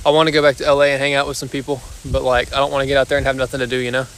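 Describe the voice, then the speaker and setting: Speaking very fast in a level, medium-pitched voice that's fairly bright, clear and resonant, a young man hosts a casual phone livestream outdoors in his backyard. He's out of breath after exercising and chats and jokes with viewers in a loose way.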